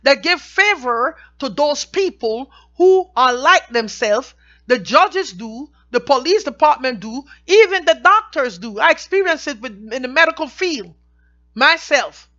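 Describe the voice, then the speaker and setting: A woman teaching Bible verses, reading each verse slowly and then explaining it in plain everyday talk. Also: high voice, lively intonation, sharp tone. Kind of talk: scripture teaching with commentary. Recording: dull lo-fi recording.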